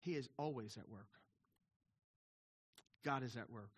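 A male pastor preaching a sermon, swinging from quiet, intimate asides to loud, emphatic passages and repeating key phrases for emphasis. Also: mid-range voice, unhurried, husky.

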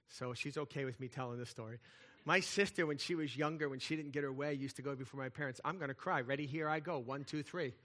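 Preaching at a medium pitch, this male pastor keeps his sermon lively and conversational. Playful asides and frequent check-ins with the congregation run throughout.

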